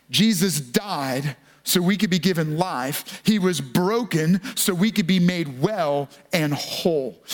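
High-voiced man preaching a sermon. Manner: earnest, emphatic preaching with slow stressed phrases. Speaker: pastor.

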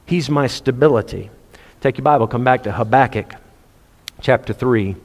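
A male pastor preaches a sermon in a conversational way, quoting scripture in King James language. His voice is medium in pitch and his pace normal, with long hall reverb on the recording.

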